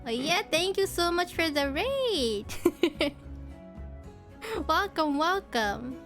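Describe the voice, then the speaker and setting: A woman's voice: very high voice, animated, slow, a bit bright, soft background music. A young woman streaming a visual novel, reading its narration aloud and chatting casually with viewers, giggling often between words.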